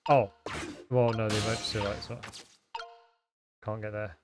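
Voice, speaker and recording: A man's voice: fairly low pitch, level tone, measured pace. Brief: male streamer, casual and rambling commentary, faint music behind.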